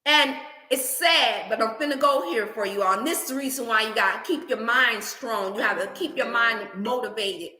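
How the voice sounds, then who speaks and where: A woman with a bright, fairly high voice, preaching motivation and healthy eating like a sermon. Her talk is animated and laced with scripture. The room around her is echoey. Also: normal speed. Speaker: wellness channel host.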